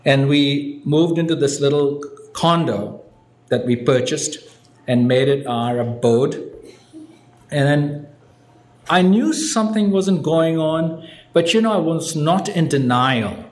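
A man's voice: mid-range voice, a little mellow. Indian-born man, wry self-mocking storyteller at a podium, echoey room recording. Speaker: recovery meeting speaker. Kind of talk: personal story told from a podium. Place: meeting hall with an audience.

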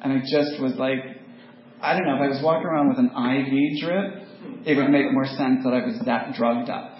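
A man telling his personal recovery story to a group, self-mocking and halting, with many ums and laughs. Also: medium pitch, fairly even intonation. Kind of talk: personal testimony talk. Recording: dull, noisy, echoey room recording.

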